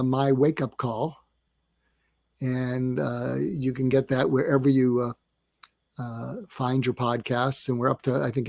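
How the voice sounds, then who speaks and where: A man's voice: medium pitch, gravelly, darkish tone, no echo. Older man telling meandering stories. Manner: meandering, filler-heavy, acts out quoted dialogue. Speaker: guest psychiatrist. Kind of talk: storytelling in a podcast interview.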